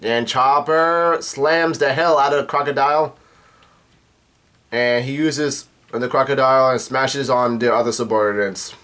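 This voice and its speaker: A man talks through a manga chapter in a loose, rambling way, stopping often on "uh" and restarting his sentences. His voice sits at an ordinary middle pitch for a man. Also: measured pace, a bit bright. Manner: rambling, full of "uh" fillers and restarts. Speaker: manga reaction host. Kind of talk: casual manga recap.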